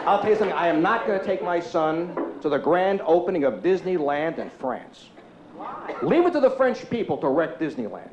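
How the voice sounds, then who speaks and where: A man doing a brash, loud stand-up comedy routine in a comedy club. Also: on the high side, sing-song, a little fast. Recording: echoey club, lo-fi tape, loud crowd.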